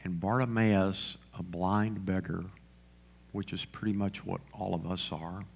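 A man's voice: low voice, fairly even intonation, a little slow, gravelly, husky. A male pastor preaching a sermon, asking the congregation questions and repeating lines for emphasis.

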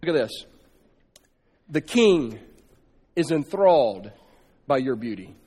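A man's voice: medium pitch, sing-song, takes it slowly, dark tone, breathy edge. A man preaching a sermon to a congregation and telling a story, acting out its dialogue in voices. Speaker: pastor. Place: large church hall. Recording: sermon clip in a reverberant hall.

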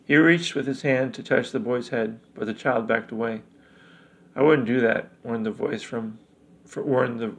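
A man narrating a fantasy story in a measured way, with small slips. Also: mid-range voice, a bit bright, poor audio.

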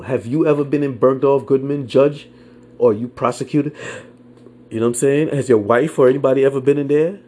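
Guy ranting solo on his podcast, cussing constantly, goes from low mutter to loud outbursts. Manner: angry, repetitive, heavy swearing, answers himself with "yeah". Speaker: podcast host. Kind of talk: profane political rant.

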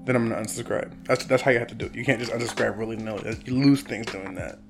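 A man's voice: on the low side, fast, gravelly, over music. A young man chatting casually, laid-back and slangy, laughing often as he tells stories. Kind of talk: casual chat.

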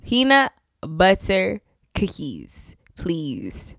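A woman hosting her own podcast, telling stories in a sassy, animated, casual way with playful asides. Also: mid-range voice, measured pace, no room sound, clean studio sound. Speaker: podcast host. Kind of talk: casual solo podcast chat.

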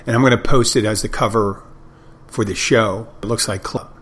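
A man's voice: fairly low pitch, fairly even intonation, normal speed, a bit bright, breathy edge. A middle-aged man hosting a podcast, telling wry, rambling anecdotes in a casual monologue. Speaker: podcast host.

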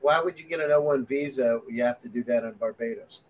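A man's voice: mid-range voice, crowd noise, poor audio. A man hosting an interview, asking questions and reacting enthusiastically to the answers. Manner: enthusiastic, quick to react with praise. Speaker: interview host. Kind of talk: interview conversation.

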